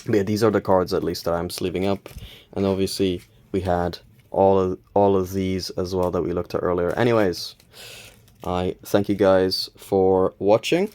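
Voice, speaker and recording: A man hosting a casual unboxing video, calmly counting cards and reading their names aloud with small self-corrections. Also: deep voice, normal speed. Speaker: channel host opening card packs.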